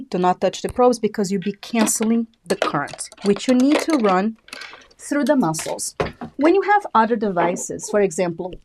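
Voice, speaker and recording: A woman with a Brazilian accent, a native Portuguese speaker, hosting a live skincare device tutorial and talking fast and excitedly. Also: medium pitch, noisy background. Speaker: beauty channel host.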